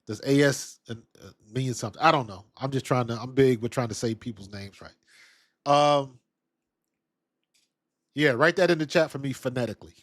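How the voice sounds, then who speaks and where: A man hosts a relaxed football talk stream, speaking conversationally and reacting to viewers' comments as they come in. His voice sits at a middle pitch and sounds close and dry, with almost no room around it. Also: normal speed, long pauses, no echo. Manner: laid-back, conversational, reads and answers chat. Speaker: sports talk show host. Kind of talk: casual live-stream chat.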